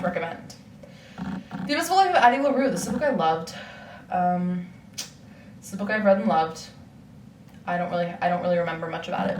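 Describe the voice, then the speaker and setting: A woman book vlogger talking casually, with lots of fillers and self-corrections. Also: lowish voice. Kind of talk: casual chat ranking books. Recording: echoey room, distant mic, faint noise.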